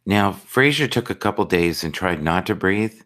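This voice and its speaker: A man's voice: deep voice, lively intonation, normal speed, a bit bright. A man hosting a casual live stream chat, joking and telling offbeat stories, rambling and repeating words as he gets going.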